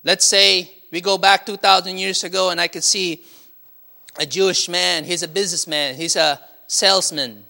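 A man's voice: sits high, fairly even intonation, moderate pace, gravelly, bright, forceful tone. A man preaching a sermon as pastor, with frequent call-and-response and light laughter. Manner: call-and-response, asking "Amen?" and laughing often.

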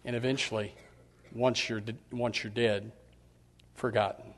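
A middle-aged man preaching a sermon as pastor, fervent and emphatic, his voice surging loud on key points. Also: mid-range voice, level tone, measured pace, long reverb tail.

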